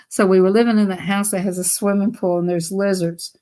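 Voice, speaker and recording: A woman's voice: mid-range voice, steady tone, normal speed, dark tone. A woman telling casual stories on a live stream, chatty and laughing often as she acts out voices. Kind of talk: casual storytelling.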